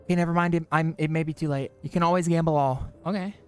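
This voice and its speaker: A man's voice: fairly high pitch, fairly even intonation, fast talker, a little mellow, clean tone, faint music behind. A young man streaming, chatting in a rambling, self-mocking way as he games. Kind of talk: casual chat while gaming.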